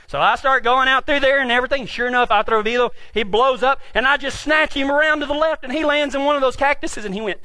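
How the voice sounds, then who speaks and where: A man's voice: extremely high pitch, big pitch swings, fast talker, bright, forceful tone, no echo. A man from Texas with a Texan accent, telling a funny, folksy, self-mocking story about himself. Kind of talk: humorous storytelling.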